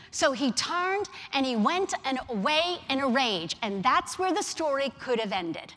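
A woman's voice: high voice, sing-song, unhurried, hardly any pauses, fairly bright tone. A woman preaching a sermon, retelling a story emphatically and asking the listeners questions. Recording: long reverb of a large hall.

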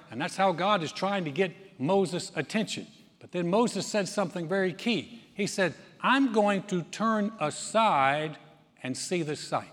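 A man's voice: on the high side, fairly bright tone. A man pastor giving a conversational sermon, slipping briefly into quoted voices as he tells stories. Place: church hall. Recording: long hall reverb.

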